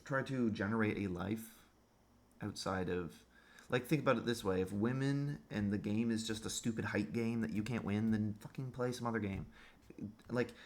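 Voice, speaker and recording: Give me a man with a fairly low voice ranting sarcastically in a crude vlog monologue. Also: moderate pace. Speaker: vlogger. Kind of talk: provocative monologue rant.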